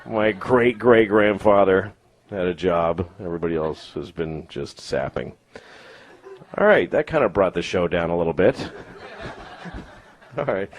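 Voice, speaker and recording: Animated, rambling stand-up comedian man. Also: sits low, unhurried, pauses often, poor audio. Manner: rambling and profane, self-mocking asides. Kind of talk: stand-up set. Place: comedy club.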